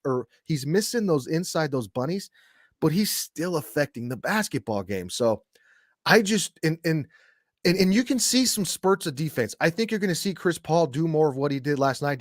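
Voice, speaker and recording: Male co-host talking sports, rambling and repetitive, slightly high pitch, dry recording. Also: lively intonation, normal speed, no room sound. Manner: rambling, many restarts and repeats. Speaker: podcast co-host, middle school coach. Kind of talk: casual sports talk.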